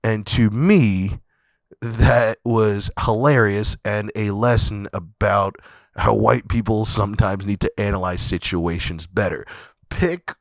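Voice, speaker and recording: A man's voice: lowish voice, fairly even intonation, unhurried, no room sound. A man hosting a podcast, telling a comedic story in a loose, profane, laughing way. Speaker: podcast host.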